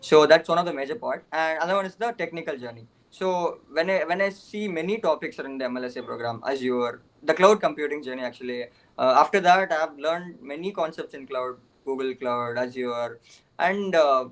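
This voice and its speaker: A young man with a fairly high voice answers interview questions in a loose, casual way. He hesitates a lot, fills gaps with "uh," and chuckles often. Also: brisk, poor audio. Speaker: student ambassador guest.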